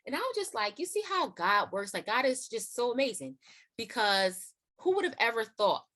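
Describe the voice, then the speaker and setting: A young woman hosting and telling a personal testimony in a casual, chatty way, full of "like" and "you know", acting out quoted lines in a high voice. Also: moderate pace. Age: young adult. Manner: acts out quotes in a high excited voice. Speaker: host sharing her testimony.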